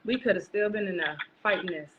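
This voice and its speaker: A woman's voice: medium pitch, fast. A woman with a Chicago accent, a guest on a talk stream, speaking with tearful, heartfelt thanks. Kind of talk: emotional casual chat. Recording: muffled with loud background noise.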